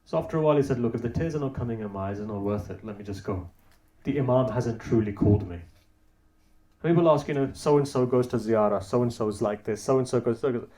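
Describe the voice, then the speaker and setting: A man delivers a sermon at a middle pitch, recorded in an echoey mosque hall. He tells a story and voices its characters' quotes, then rises to fervent, emphatic appeals to the congregation. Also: quick pace, dark tone. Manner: tells a story with acted quotes, then builds to a raised exhortation. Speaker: Islamic preacher.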